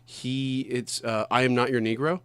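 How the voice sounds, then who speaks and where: A man talks casually as a podcast co-host, wandering through his thoughts and swearing as he goes. His voice sits at an ordinary middle pitch. The sound is dry, with no room echo. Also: level tone, normal speed, a bit bright, clean tone. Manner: rambling, swears often, loses names. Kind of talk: casual chat.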